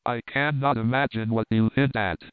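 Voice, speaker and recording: A man's voice: medium pitch, steady tone, moderate pace, clean tone, no echo, lightly acted. A man reading as a frightened proud young woman. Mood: distressed. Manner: earnest, formal, pleading. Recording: narrow phone-like band.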